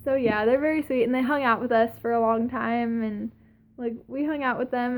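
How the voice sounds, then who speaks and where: A young woman telling a story in a casual vlog, excited and gushing, with many fillers and laughs. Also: fairly high pitch, a little fast. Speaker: fan.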